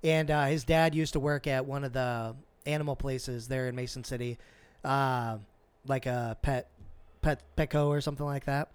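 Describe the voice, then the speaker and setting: A man co-hosting a podcast, telling a long story in casual, profane chat and acting out the quotes with lively swings. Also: medium pitch, moderate pace, smooth, no echo. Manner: animated, profane, acts out quotes. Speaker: podcast co-host.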